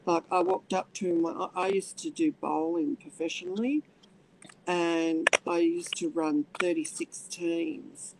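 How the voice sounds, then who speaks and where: A middle-aged woman telling her own story slowly, her voice gravelly with fry. She stops and restarts often and now and then acts out other people's words. A faint hiss runs under the recording. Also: fairly low pitch, steady tone, darkish tone, low-quality recording. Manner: halting, many restarts, acts out voices in quotes. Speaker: interviewee. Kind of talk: personal storytelling.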